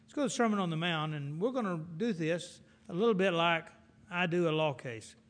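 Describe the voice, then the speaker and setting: Guy giving a folksy sermon, kinda high voice, tells it like a story. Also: a little fast. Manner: animated storytelling, folksy asides. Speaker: preacher.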